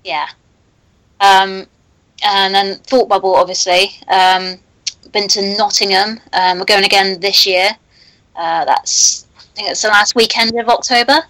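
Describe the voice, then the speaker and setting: Brief: woman guest, halting casual chat, fillers throughout, dry close recording. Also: mid-range voice, steady tone, bright, forceful tone, no echo, low-quality recording. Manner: hesitant, lots of ums and likes. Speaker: guest comic creator.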